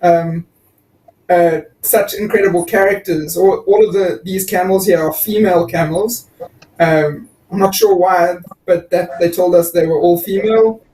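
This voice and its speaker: A man with a South African accent chats hesitantly, full of fillers. His voice sits high. He sounds far from the mic in an echoey room. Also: fairly even intonation, normal speed, darkish tone, slight background noise. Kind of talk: casual livestream chat.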